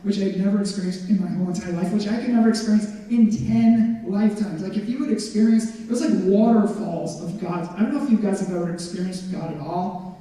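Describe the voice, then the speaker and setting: A man's voice: high-pitched, fast, warm tone. A young man giving a religious testimony as a guest speaker, talking in a casual, chatty way full of filler words. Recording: echoey hall, voice heard from far off.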